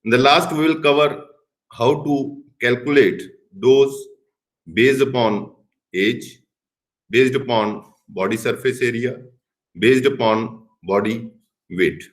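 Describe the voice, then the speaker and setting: A middle-aged professor of pharmacy, speaking Indian-accented English at a normal mid pitch, gives a recorded lecture in deliberate, measured phrases, pressing hard on the words he wants students to remember. Occasionally he switches into Hindi to explain something. The audio quality is poor.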